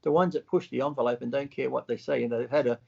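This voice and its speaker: A gravelly, husky-voiced man chats on a podcast. He swears freely and acts out what people said to him, bluntly and with animation. The audio is dull and lo-fi. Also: medium pitch, fast talker. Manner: blunt, profane, animated retelling. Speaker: podcast co-host. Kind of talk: casual chat.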